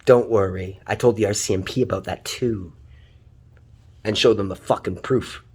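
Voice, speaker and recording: A man's voice: fairly low pitch, steady tone, moderate pace, a little mellow, husky. A man from Canada, a taxi driver, delivering an angry, profane, heated monologue. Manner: swears constantly, ranting, heated. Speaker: taxi driver ranting online.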